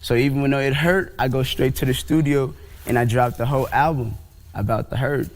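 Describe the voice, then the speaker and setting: A man, a musician guest on a TV morning show, talking in a relaxed, slangy, plainspoken way. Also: mid-range voice, a little fast. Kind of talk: casual TV interview talk.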